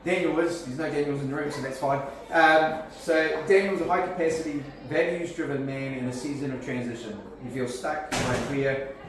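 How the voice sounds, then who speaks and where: A man's voice: a little high, normal speed. A man with a New Zealand accent, a life coach giving a casual live talk to a networking group, speaking conversationally with frequent restarts and fillers. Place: cafe function room, in front of a group. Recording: echoey room, distant mic, faint ambience.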